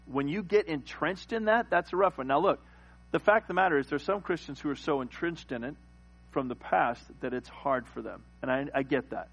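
A middle-aged man preaching a sermon, building to loud emphatic peaks. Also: mid-range voice, highs cut off. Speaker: pastor.

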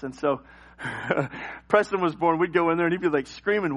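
Middle-aged man, pastor delivering a sermon, lively acted-out anecdotes, a touch higher-pitched voice. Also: moderate pace, highs cut off. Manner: animated storytelling, acts out scenes and cries. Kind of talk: sermon with personal stories.

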